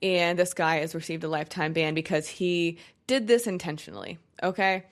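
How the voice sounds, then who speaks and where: A woman's voice: fairly low pitch, fairly even intonation, moderate pace. A woman hosting a podcast in a casual monologue, speaking with passion and many fillers and restarts. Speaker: podcast host.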